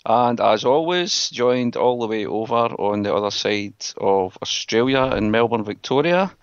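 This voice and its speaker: A man's voice: medium pitch, expressive, a little slow, clean tone, no echo, dull audio. A Scottish man hosting a podcast, chatting casually and joking with his co-hosts. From Scotland. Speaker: podcast host. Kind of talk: casual chat.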